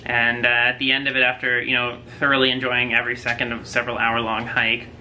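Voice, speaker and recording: A young adult man telling stories at length in a casual couple's quiz chat, full of drawn-out asides. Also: mid-range voice, completely flat delivery, sharp tone, slight background noise, low-quality recording. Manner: rambling storyteller, drawn-out asides. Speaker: husband co-host.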